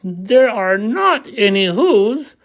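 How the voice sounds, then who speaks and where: A woman's voice: medium pitch, sing-song, slow, lo-fi sound, pitched above the performer's own voice. A woman voicing mocking jungle monkey brothers in a scornful tone, for a storybook reading. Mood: scoffing.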